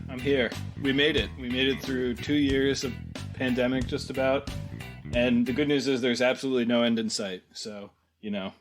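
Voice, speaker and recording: A man co-hosting a film podcast in casual chat, with a wry, deadpan sense of humor. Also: mid-range voice. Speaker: podcast co-host.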